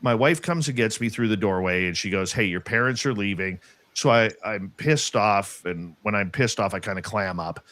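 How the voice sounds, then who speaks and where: A man with a fairly low voice tells a personal story in an earnest, halting way, often breaking off and starting his sentences again. The sound is dry and close. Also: a bit bright, dry recording. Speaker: guest telling a personal paranormal story. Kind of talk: casual storytelling.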